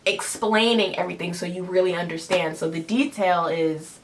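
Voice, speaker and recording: A woman's voice: lowish voice, normal speed. A woman hosting a casual review chat, giving her opinions in a loose, conversational way. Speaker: host.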